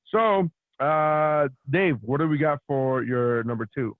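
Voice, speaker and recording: A man's voice: fairly high pitch, expressive, moderate pace, no room sound, lo-fi sound. A man hosting a comedy podcast, joking and swearing freely as he runs through the picks. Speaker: podcast host. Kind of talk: casual comedic podcast banter.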